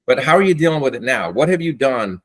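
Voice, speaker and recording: A man's voice: mid-range voice, sing-song, fast, no echo. A man hosting a podcast, coaching a guest in an encouraging way. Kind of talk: casual podcast conversation.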